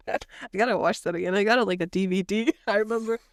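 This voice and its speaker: On a casual podcast, an American co-host with a slightly high, slightly mellow voice laughs frequently and acts out voices as she tells lively, heartfelt anecdotes. It's a dry, clean studio recording.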